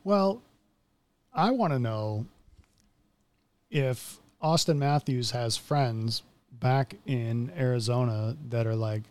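A man's voice: medium pitch, slow pace, a little mellow. A man co-hosting a podcast, talking in a casual, joking way with stubborn rants. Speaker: podcast co-host. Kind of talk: casual chat.

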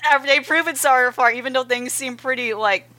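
A woman's voice: high-pitched, normal speed, bright, forceful tone. A woman co-hosting a podcast in casual chat, giggling often and trailing off mid-sentence. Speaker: podcast co-host.

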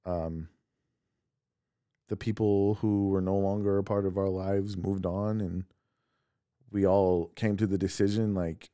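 Low-voiced man telling family stories. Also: unhurried, pauses often, smooth, dry recording, clean studio sound. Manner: animated, laughs often, acts out quoted voices. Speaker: podcast co-host. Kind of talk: casual personal storytelling. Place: at home.

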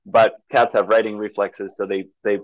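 A man's voice: on the low side, level tone, moderate pace, no echo, highs cut off. A man talking as a movement coach in an interview, explaining eagerly with many fillers and restarts. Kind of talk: conversational interview.

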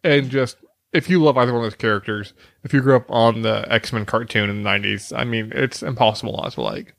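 A man with a mid-pitched voice co-hosting a podcast, recorded close on a podcast mic in a dry room with no echo. He rambles and hesitates, filling his sentences with "uh" and "like.". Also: a little fast, gravelly, fairly bright tone. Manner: rambling, hesitant, lots of fillers. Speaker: podcast co-host. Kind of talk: casual chat.

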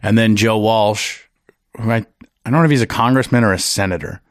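A man in casual podcast chat, animated and profane, often mimicking other people's voices as he tells stories. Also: on the low side, fairly quick, no room sound, clean studio sound. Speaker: podcast guest.

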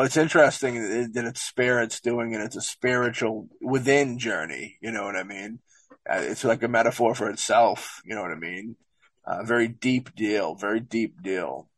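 A man's voice: on the low side, lively intonation, gravelly, a bit bright, dry recording, poor audio. A man reading passages aloud with small slips, then rambling in casual commentary and often asking "you know what I mean". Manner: reads aloud haltingly with slips. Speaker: show presenter discussing a book.

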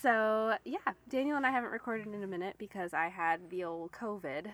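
A woman's voice: mid-range voice, fairly quick, fairly bright tone. A woman co-hosting a podcast in casual chat, chatty and self-deprecating, laughing often, sounding slightly stuffy while recovering from illness. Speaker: podcast co-host.

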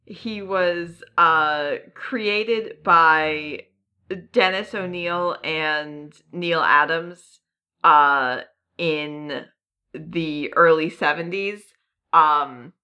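Slow, bright-voiced woman podcaster. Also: low-pitched. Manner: hesitant, many ums and uhs, self-deprecating asides. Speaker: podcast co-host. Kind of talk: casual podcast chat.

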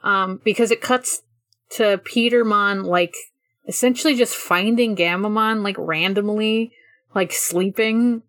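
A woman's voice: medium pitch, a bit bright, no echo. Rambling woman co-host, dry close sound. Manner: rambling, many fillers and restarts, quick bursts. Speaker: podcast co-host. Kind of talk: casual chat recapping a cartoon episode.

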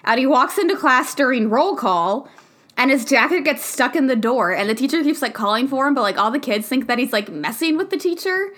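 A woman's voice: sits high, expressive, brisk, a bit bright. A young woman recapping a movie in casual chat with a friend, laughing often and swearing in mock outrage.

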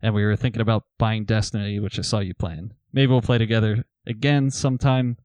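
A man's voice: fairly low pitch, a little fast, dry recording. A man casually retelling a story to friends on a podcast, reading old messages aloud. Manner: relaxed storyteller, reads messages aloud with laughs.

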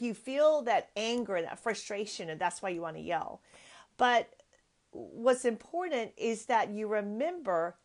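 A woman in her thirties hosting a motivational parenting podcast. She talks earnestly and with emphasis, often repeating her key phrases. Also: fairly high pitch. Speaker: podcast host.

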